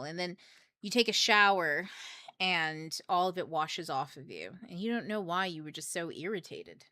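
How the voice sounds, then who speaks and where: A young woman hosts a casual livestream, rambling through ideas with jokes and plenty of swearing. Her voice is bright and forceful but pitched on the low side. The sound is close and dry, with no room echo. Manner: rambling, profane, joking. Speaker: book club host.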